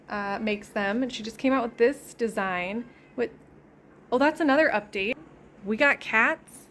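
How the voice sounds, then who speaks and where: A woman's voice: mid-range voice, a bit bright, a little hiss or hum. Chatty, easily sidetracked woman vlogging. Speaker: homesteading vlogger. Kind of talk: casual vlog chat. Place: indoors at home.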